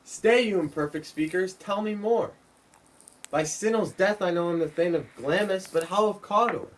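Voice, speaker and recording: A man's voice: high voice, moderate pace, voice pushed up, close to an everyday voice, low-quality recording. A man voicing a demanding medieval nobleman, reciting insistently as he orders others to explain themselves. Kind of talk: dramatic reading of a play.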